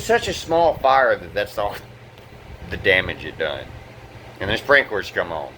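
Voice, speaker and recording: A man's voice: on the low side, sing-song, moderate pace, gravelly, pauses often, sharp tone, slight background noise. A man venting about his fire-damaged apartment in an angry, rambling vlog, swearing often and restarting his sentences, recorded inside the damaged apartment. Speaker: vlogger.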